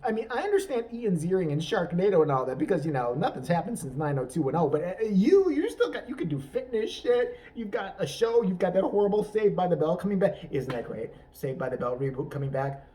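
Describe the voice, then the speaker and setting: A man's voice: high voice, big pitch swings, fairly quick, hardly any pauses, dark tone, far from the mic. A man riffing through an improvised, profane comedy rant, rambling and laughing at his own jokes. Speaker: comedy vlogger.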